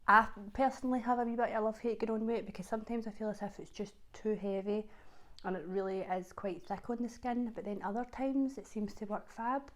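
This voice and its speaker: Chatty Scottish woman vlogging. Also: mid-range voice. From Scotland. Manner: chatty, filler-heavy, repeats words for emphasis. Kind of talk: casual chat to camera.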